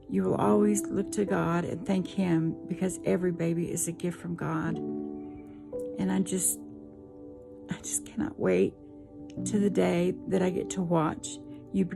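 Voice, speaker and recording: A woman's voice: on the low side, creaky. An older woman, a great-grandmother, recording a tender video message to her granddaughter and the coming baby, trying not to cry. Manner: tender, holding back tears, prayerful.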